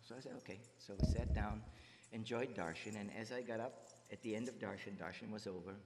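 A man slowly and softly telling a personal devotional story to an audience. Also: lowish voice, heavy background noise. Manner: slow, soft-spoken, recounting with quoted dialogue. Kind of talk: storytelling to an audience, then singing a devotional song. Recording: long hall reverb with guitar music behind. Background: guitar music.

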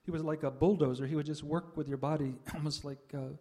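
Older male storyteller, mellow and slightly raised pitch, reflective, halting pauses. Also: steady tone. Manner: reflective, with frequent "uh" pauses and soft laughs. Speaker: speaker sharing a spiritual life story. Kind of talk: personal testimony talk.

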